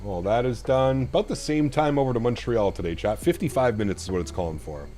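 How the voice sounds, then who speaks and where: A man's voice: mid-range voice, animated, fairly quick, warm tone. A man from Canada streaming a flight simulator, chatting casually with his viewers and swearing freely. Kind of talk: casual live-stream commentary.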